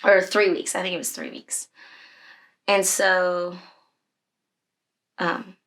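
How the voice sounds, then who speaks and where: A woman's voice: fairly low pitch, sing-song, slow pace, a bit bright. A woman who leads children's ministry, telling a personal story in a conversation, candid and emotional, with many fillers.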